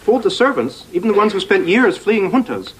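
A prissy, fussy brother. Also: male voice, high-pitched, sing-song, brisk. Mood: prim. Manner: prim, fussy, defensive. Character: prissy, anxious male psychiatrist brother, fastidious. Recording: noisy sitcom broadcast audio.

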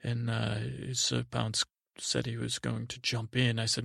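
A man improvising a rambling comic bedtime story, stammering and deadpan. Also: medium pitch, moderate pace, gravelly, hardly any pauses, slightly rough, dry recording, clean studio sound. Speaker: podcast storyteller.

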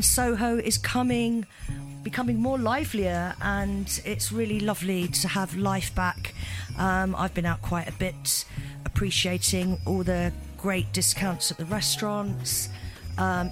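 Chatty woman radio host. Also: mid-range voice. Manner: chatty, giggly, filler-heavy. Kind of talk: casual chat interview. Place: London radio studio.

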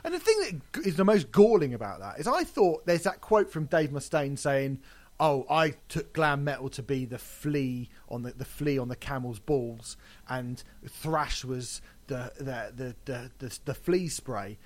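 A man's voice: mid-range voice, animated, measured pace. A man ranting in a casual podcast chat, swearing and breaking into mocking impressions. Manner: ranting, swearing, mock-sings.

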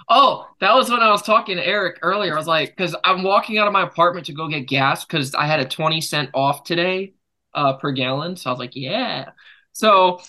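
Bright-voiced man rambling casually. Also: fairly high pitch. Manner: rambling, jokey storytelling with swings into loud bursts. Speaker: podcast host. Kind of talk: casual chat.

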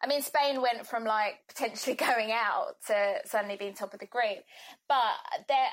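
A woman's voice: a little high, fairly even intonation, moderate pace. A woman, chatting casually about football and laughing often between thoughts. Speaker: co-host discussing football. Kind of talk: casual chat.

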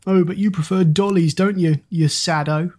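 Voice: medium pitch, fairly even intonation, moderate pace, dark tone, natural voice. A reader voicing Ben, a taunting teenage bully. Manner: taunting and mocking. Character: sneering teenage boy bully.

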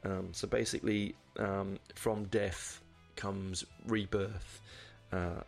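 A man's voice: low voice, level tone, slow, gravelly, soft background music. A man giving a casual album review, rambling and hesitant, with lots of ums and restarts. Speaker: music reviewer.

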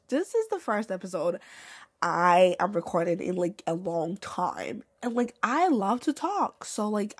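A young woman hosting her own podcast in casual, slangy chat, animated and jumping up and down in pitch as she talks. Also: slightly rough. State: recovering from a cold. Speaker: podcast host.

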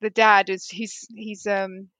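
A woman on a podcast panel, telling lively stories in casual chat and acting out her relatives with a laugh. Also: mid-range voice, slow, no room sound. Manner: animated storyteller, laughs often, mimics relatives.

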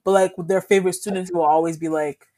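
A young woman co-hosting a podcast, telling a school story in a casual, animated way and laughing as she acts out what people said. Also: on the low side, fast talker. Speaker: podcast co-host.

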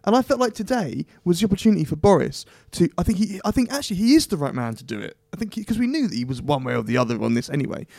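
A man presenting a panel discussion, asking quick, challenging questions. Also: high voice, sing-song, vocal fry, a little mellow, dry recording, studio quality.

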